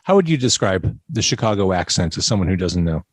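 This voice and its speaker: A man's voice: sits low, very animated, fairly quick, husky, no room sound. A man hosting a podcast interview, asking questions and tossing in dry, wisecracking asides. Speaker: podcast host. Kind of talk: casual interview chat.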